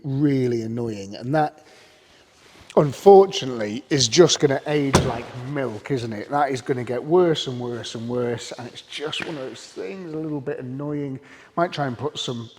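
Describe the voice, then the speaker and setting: A British man with a slightly husky voice gives a casual, candid car review. He talks in a chatty, unpolished way and restarts sentences mid-thought. His voice trails off into a long reverb. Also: medium pitch. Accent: British English. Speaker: car vlogger.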